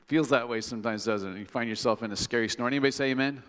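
A man's voice: mid-range voice, rapid-fire, hardly any pauses, a bit bright, smooth. Middle-aged pastor chatting and joking with his church, mid-range voice, long hall echo. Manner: chatty, joking asides to the congregation. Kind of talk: sermon. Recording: long reverb of a large hall.

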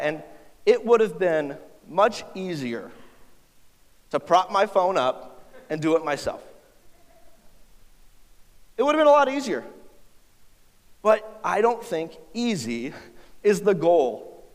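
A man in his thirties preaches with a rather high voice, joking and chatting with the crowd as he tells a family story. The sound carries a long reverb from the hall around him. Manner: humorous, conversational, talks to the audience. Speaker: pastor. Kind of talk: sermon with personal stories.

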